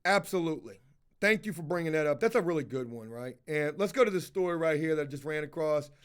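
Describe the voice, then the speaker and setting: A man's voice: a little high, expressive, quick pace, smooth. A man streaming casual commentary, reading chat aloud, rambling and swearing freely. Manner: rambling, swears a lot, slips into put-on voices.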